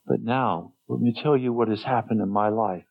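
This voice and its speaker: A man preaching a sermon in an earnest, emotional way, his voice often dropping low and soft. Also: normal speed, gravelly. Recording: muffled lo-fi sermon recording.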